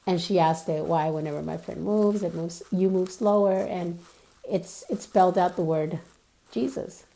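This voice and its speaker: A woman's voice: on the low side, normal speed, creaky, warm tone. A woman vlogger telling a personal story in a chatty way, full of fillers and asides, and earnestly insisting it is true. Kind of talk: casual storytelling.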